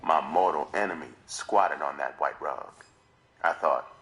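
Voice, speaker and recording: A man's voice: rumbling low, a little slow, fairly bright tone, soft background music. A man reading a novel aloud on a live stream in dramatic first-person narration. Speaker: reader.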